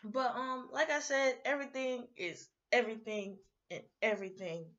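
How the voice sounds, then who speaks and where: A young adult woman vlogger in a rambling, animated casual rant, sounding sleepy. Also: on the high side, normal speed, dull audio.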